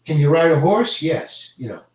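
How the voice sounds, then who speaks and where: An older male actor telling a career story in an interview, halting and rambling, often repeating words and chuckling. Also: a little high, expressive, a little mellow. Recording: roomy echo, mic set far away.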